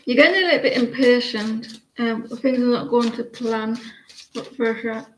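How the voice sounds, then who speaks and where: A woman's voice: fairly high pitch, normal speed, slight background noise. A middle-aged woman doing a casual live-stream tarot reading, blunt and rambling as she chats with viewers. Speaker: tarot card reader. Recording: roomy echo.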